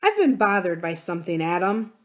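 A woman's voice: lowish voice, sing-song, a little fast. A woman reading a wise old rancher. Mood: earnest. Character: wise old male Irish-born rancher, gentle.

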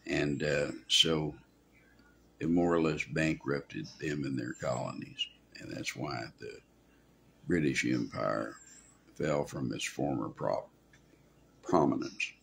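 Very deep gravelly-voiced male preacher. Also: slow, long pauses, fairly bright tone, slight background noise. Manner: folksy, rambling, with asides. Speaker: pastor. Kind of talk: sermon.

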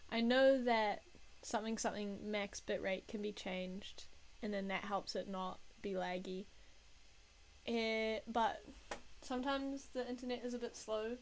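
A woman's voice: medium pitch, unhurried, slight background noise, rough recording. A woman casually chatting and joking at her own expense while she draws on a live stream. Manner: self-mocking, joking, laughs often.

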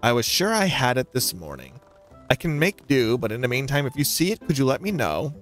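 A polite male villager who gently apologizes and asks for a favor, read aloud by a man playing a video game. The delivery is slow and mild, at a middling pitch. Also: big pitch swings, faint music behind. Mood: apologetic. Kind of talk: reading game dialogue aloud.

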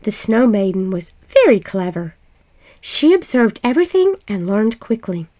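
A woman reading a fairy tale aloud in a gentle, expressive way. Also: medium pitch, normal speed. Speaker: storyteller.

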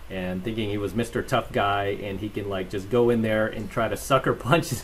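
A man's voice: medium pitch, moderate pace, few pauses. Rambling man with a vlog. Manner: rambling, tags lines with "right?"; laughs while telling stories. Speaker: channel host. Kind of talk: casual commentary vlog.

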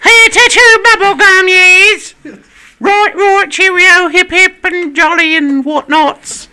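A man putting on a high, prim mock-British woman's voice. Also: fairly even intonation, takes it slowly, sharp tone, heavily acted. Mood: hammy. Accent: put-on British. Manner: exaggerated, shrill, playful.

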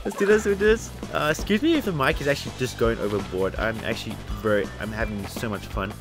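A man giving playful let's-play commentary at a desk mic, giggling and shouting with excitement as he plays. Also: mid-range voice, quick pace, music in the background. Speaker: gaming youtuber. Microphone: desk microphone with headphones.

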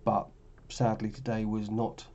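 A man's voice: fairly low pitch, completely flat delivery, measured pace, dark tone, lo-fi sound. Tired man talking through charts. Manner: rambling, self-correcting, tired and yawning. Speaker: forex trading vlogger. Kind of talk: casual screen-share commentary.

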